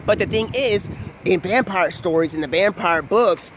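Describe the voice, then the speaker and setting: A man's voice: sits high, normal speed, background noise. A man live-streaming outdoors on his phone, talking in a rambling, free-associating monologue that jumps from topic to topic. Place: outdoors on a city street.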